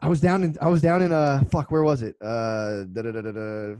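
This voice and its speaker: A man talks quickly through loose, swearing-laced stories as a podcast co-host. His delivery runs on with quick restarts in casual banter. The sound is dry and close, with no room around it. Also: mid-range voice, flat delivery, mellow, dry recording. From United States. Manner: rambling, profane storytelling. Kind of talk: casual chat.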